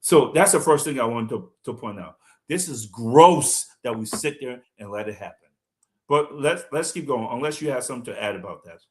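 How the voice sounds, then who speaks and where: A man's voice: mid-range voice, animated, moderate pace, darkish tone. A man hosting a livestream discussion, indignant and firing off rhetorical questions.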